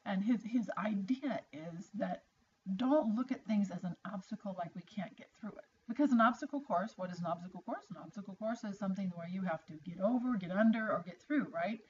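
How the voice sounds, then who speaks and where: An earnest middle-aged woman speaks in a chatty, encouraging way, the tone of a motivational vlog. Her voice sits at an ordinary pitch for a woman. The recording sounds a bit dull and lo-fi, with a faint hiss underneath. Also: a little fast. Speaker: vlogger. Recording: slightly dull lo-fi audio with faint noise.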